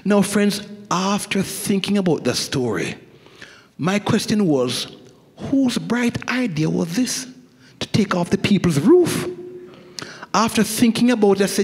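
A middle-aged man preaching a sermon as a guest preacher, swinging from animated storytelling to hushed intensity. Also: high-pitched, measured pace, slightly rough. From Jamaica. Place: church sanctuary. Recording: echoey church hall.

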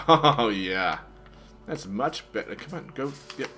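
Lets-play man, lower pitch, bright tone, very lively, unhurried delivery. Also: soft background music. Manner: playful, chatty, talks to the animals. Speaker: gamer. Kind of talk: let's play commentary.

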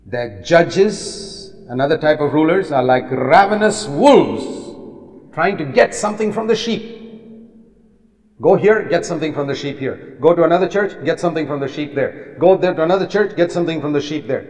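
An older man delivers a sermon in a fairly high voice, hammering home his points by repeating words with rising force. His voice rings out with long reverb through a large hall. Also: expressive, moderate pace, darkish tone. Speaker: preacher.

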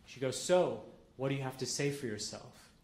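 A man doing stand-up storytelling on a club stage, with a dry deadpan delivery. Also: mid-range voice, normal speed. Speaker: stand-up comedian. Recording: echoey club with faint crowd noise.

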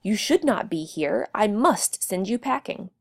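A woman voicing a loud, scolding green-crested male tree guardian in a storybook reading. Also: medium pitch, lively intonation, a little slow, gravelly, breathy edge, dry recording, clean studio sound, heavily acted. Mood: angry.

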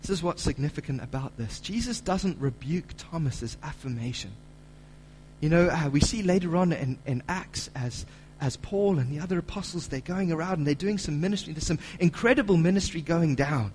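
Guy pastor preaching in church, gets loud and forceful on scripture, slightly high voice. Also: normal speed, slight background noise, poor audio. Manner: builds to loud emphatic preaching when reading scripture. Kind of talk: sermon. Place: church auditorium.

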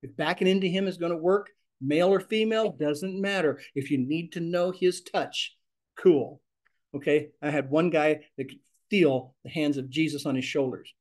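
A man teaching a ministry class, speaking in an animated way and acting out the prayers he teaches. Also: a little high, moderate pace.

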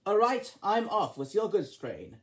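A woman's voice: medium pitch, big pitch swings, a little slow, voice pushed up. A woman voicing a boastful male diesel engine who brags in a fan-made storybook. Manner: boastful, bragging.

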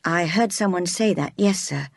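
A woman reading aloud as a quiet, earnest young governess in her own voice. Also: lowish voice, normal speed, creaky, no room sound, clean studio sound.

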